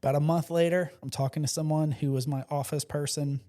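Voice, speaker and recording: A man's voice: on the high side, brisk. A man from South Louisiana, a podcast guest, telling stories in casual chat and acting out the voices he quotes. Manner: animated storyteller, acts out quotes; passionate, excitable.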